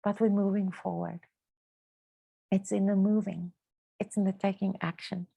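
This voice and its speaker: A woman's voice: medium pitch, little pitch movement, moderate pace, gravelly, warm tone, slightly rough, no room sound, dull audio. A woman hosting a podcast, talking in an earnest, reflective and motivational way. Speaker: podcast host. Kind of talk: casual conversational podcast talk.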